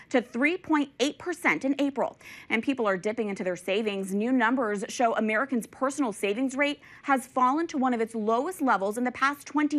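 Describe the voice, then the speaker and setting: A woman anchoring a news program, reading scripted reports in a clear, measured delivery. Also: on the high side, fairly bright tone, low-quality recording.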